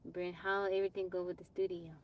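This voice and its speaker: The Texas livestream host talks fast in a lowish, level voice. Chatting casually on her phone from her off-grid home, she greets viewers by name and dismisses trolls without fuss.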